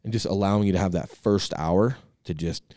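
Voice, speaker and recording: Male podcast co-host, 30s, rapid and energetic, cusses for emphasis, deep voice. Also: no echo, clean studio sound. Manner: energetic, emphatic, swears freely. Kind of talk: casual podcast chat.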